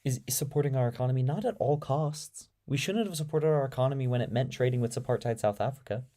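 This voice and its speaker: A fast-talking young man with an American accent and a dark, mid-range voice hosts a laid-back live-stream debate. He fields viewer comments with deadpan sarcasm.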